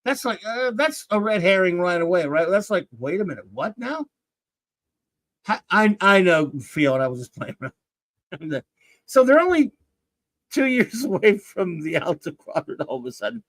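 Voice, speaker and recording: A man's voice: high voice, big pitch swings, normal speed, fairly bright tone, no echo, low-quality recording. A man hosting a casual review podcast, rambling and joking as he trips over his own words. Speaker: podcast host reviewing TV episodes.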